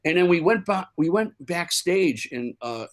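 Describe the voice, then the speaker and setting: A man's voice: high voice, lively intonation, moderate pace. A man from Chicago, a musician guest, telling stories in a casual interview with many fillers and restarts.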